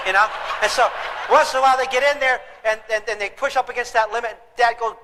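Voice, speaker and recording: A man giving a humorous parenting seminar, talking in an animated, theatrical way. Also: very high voice, brisk, big-room sound, slight background noise, poor audio. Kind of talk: humorous live seminar talk. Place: lecture hall with an audience.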